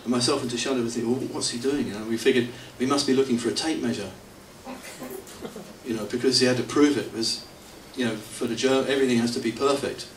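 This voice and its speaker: The recording, made with a distant hall mic, sounds roomy with a faint hiss as a middle-aged devotee shares anecdotes at a temple anniversary. He talks fast in a steady, mid-range voice, rambling, poking fun at himself, and chuckling often.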